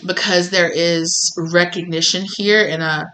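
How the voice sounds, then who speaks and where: Bright-voiced woman giving a rambling tarot reading. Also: on the low side, measured pace, a little hiss or hum, rough recording. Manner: rambling, animated, with many fillers and acted-out quotes. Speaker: tarot reader. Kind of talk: casual spoken tarot reading.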